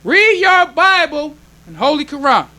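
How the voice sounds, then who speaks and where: A man's voice: extremely high pitch, sing-song, unhurried, sharp tone. A man preaching a sermon as minister, emphatic and plainspoken, repeating his points. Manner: plainspoken, conversational delivery.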